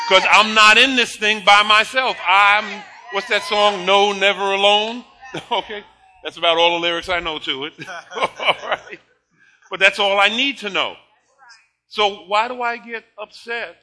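An older man preaching a sermon, animated and laughing often, moving between shouted praise and quiet storytelling. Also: sits high, low-quality recording. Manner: laughs often while talking.

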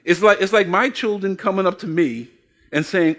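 A man's voice: sits high, normal speed, fairly bright tone. An older man preaching a sermon, asking the congregation questions and telling folksy stories with acted-out voices. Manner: folksy storytelling, acts out quoted voices. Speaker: pastor.

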